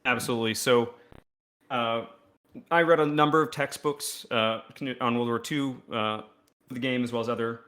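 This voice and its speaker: A man's voice: mid-range voice, fairly even intonation, normal speed, fairly bright tone. A man, an indie game developer, explaining his work in a casual podcast interview, self-deprecating.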